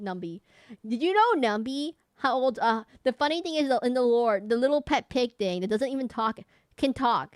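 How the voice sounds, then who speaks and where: Rambling woman streamer, crisp dry voice. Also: on the high side, no room sound. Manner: rambling, self-correcting, laughing. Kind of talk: casual live-stream commentary.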